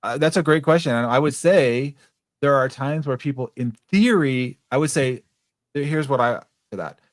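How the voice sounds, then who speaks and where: A male podcast host talks through a business interview in a loose, encouraging way, often doubling back mid-sentence. His voice sits at a middle pitch and sounds close and dry, with no room around it. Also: moderate pace, no echo. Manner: affirming, rambling with restarts. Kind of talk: casual interview chat.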